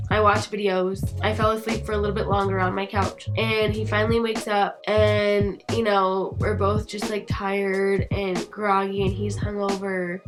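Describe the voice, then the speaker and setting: A young woman telling a candid, chatty storytime on her vlog, swearing freely. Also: mid-range voice. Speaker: vlogger.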